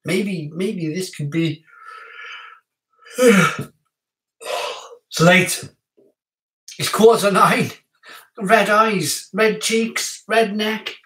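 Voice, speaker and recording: Excitable man, chatty beer reviewer. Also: high-pitched, extremely slow, long pauses, recorded from a distance. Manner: chatty, excitable, talks to viewers. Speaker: beer reviewer hosting a live stream. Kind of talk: casual live-stream chat. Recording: echoey room, off-mic.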